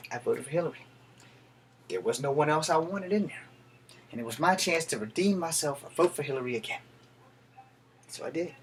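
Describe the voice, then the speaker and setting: Man, thirties, blunt profane rant, medium pitch, faint background noise. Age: 30s. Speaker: veteran. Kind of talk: political rant to camera.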